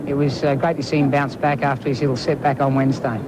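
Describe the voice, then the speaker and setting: An Australian man, a hoarse horse trainer, giving an excited post-race interview outdoors at a racecourse. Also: mid-range voice, quick pace, noisy background.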